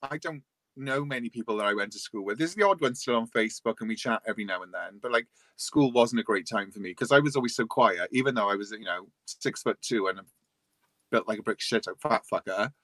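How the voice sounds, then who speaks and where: A man's voice: lowish voice, fairly quick, sharp tone, no echo. Foul-mouthed man in his forties. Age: 40s. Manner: crude, swears constantly, self-mocking humor. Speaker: guest. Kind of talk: casual chat.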